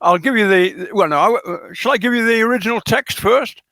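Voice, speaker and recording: Man lecturing warmly with many ums. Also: high voice, a little fast, dry recording. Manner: hesitant, many ums, explains carefully. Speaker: guest scholar. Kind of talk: lecturing conversation.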